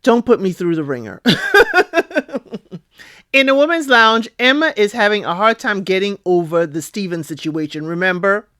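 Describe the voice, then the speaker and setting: A woman recapping a reality show in a chatty, expressive way, often asking "okay?" and calling out to her listeners. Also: medium pitch, unhurried, no echo, studio quality. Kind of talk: casual recap commentary.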